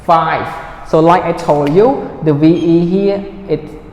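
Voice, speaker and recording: A man teaching a recorded grammar lesson for children, speaking slowly and patiently, drilling words and ending points with "right?". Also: fairly high pitch, darkish tone. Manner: slow, patient, drills words and repeats them; ends points with a checking "right?". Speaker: English teacher. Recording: roomy echo, long reverb, faint noise.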